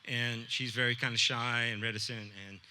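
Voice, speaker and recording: A man, an art teacher, telling a personal story to a live audience in a relaxed, conversational way. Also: medium pitch, moderate pace, slight background noise. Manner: conversational, acts out dialogue with voices.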